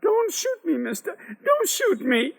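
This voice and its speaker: A man's voice: extremely high pitch, wildly swooping pitch, measured pace, creaky, long reverb tail, pitched above the performer's own voice, full character voice. A man voicing a frightened boy, pleading. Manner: pleading, urgent. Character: frightened Black boy, Big Boy's friend.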